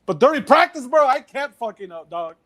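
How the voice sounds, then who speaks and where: High-voiced, slangy comedian. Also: male voice, brisk. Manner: profane, slangy, repeats words when excited. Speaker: comedian and actor. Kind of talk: casual podcast chat.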